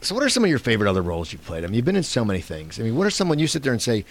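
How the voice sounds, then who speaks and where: A man's voice: medium pitch, huge pitch swings, very fast, slight background noise. A man hosting a casual interview, asking eager, run-on questions. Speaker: interview host.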